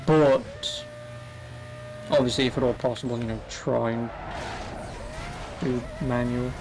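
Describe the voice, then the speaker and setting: A young man talks his way through a racing game stream in a loose, rambling way, cursing now and then. His voice sits at an ordinary middle pitch. Faint engine noise hums underneath. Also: steady tone, slow pace. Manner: rambling, chatty, swears casually. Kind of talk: casual gameplay commentary.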